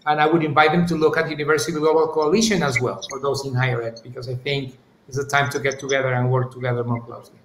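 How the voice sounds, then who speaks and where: A man's voice: mid-range voice, fairly even intonation, fast, fairly bright tone. Thoughtful man, roomy echo. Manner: thoughtful, many restarts and "you know", "right?". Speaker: university leader, interview guest. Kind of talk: live-streamed interview answers. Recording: roomy echo, faint ambient noise.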